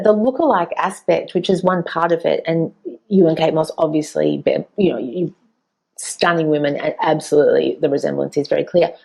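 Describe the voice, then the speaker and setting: A woman interviewer who speaks in an articulate, reflective way. Her low voice is mellow with a gravelly fry running through it. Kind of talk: interview commentary.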